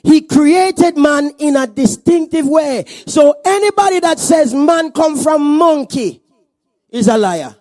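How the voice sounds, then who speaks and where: Brief: male pastor, very high voice, lively comic sermon delivery, dry close sound. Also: takes it slowly, no room sound. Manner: animated, joking preacher. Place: church service.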